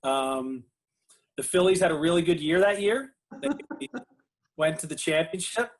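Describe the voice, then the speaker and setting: A man's voice: on the high side, expressive, measured pace. A man hosting a live podcast over a video call, easygoing as he wraps a story and brings in the next guest. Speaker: podcast host. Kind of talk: casual chat on a live podcast.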